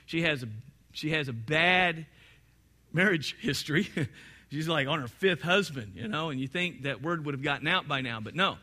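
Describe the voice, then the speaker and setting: A man preaching a sermon, talking straight to his congregation and swinging from quiet, low asides to loud, emphatic points. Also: animated, normal speed. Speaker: pastor.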